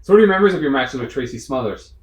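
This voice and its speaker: A man's voice: medium pitch, animated, rapid-fire, lo-fi sound. A man hosting an interview, asking brief questions and reacting with short remarks. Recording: echoey room sound.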